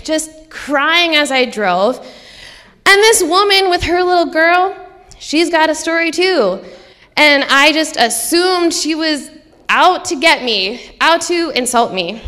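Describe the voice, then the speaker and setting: A young woman with an Upper Midwest accent recounts a personal story on a live stage. Her voice sits a little high and stays loose and conversational, full of fillers. The hall adds a long reverb. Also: bright, forceful tone. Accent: Upper Midwest American. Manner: conversational, many ums and likes.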